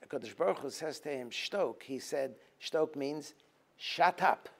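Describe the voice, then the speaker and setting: Rabbi, teaching talk; somewhat high voice, acts out the dialogue, swings from loud to hushed. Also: male voice, measured pace, vocal fry. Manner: storytelling, acting out dialogue in a lively voice; rising to forceful emphasis, then dropping low. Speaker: rabbi and lecturer. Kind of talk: Tisha B'Av teaching talk.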